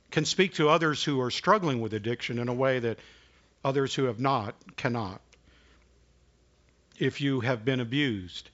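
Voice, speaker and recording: A man preaching a sermon and telling personal stories, speaking in a halting, earnest way with frequent restarts, coughing now and then. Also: medium pitch, fairly bright tone. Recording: dull lo-fi recording.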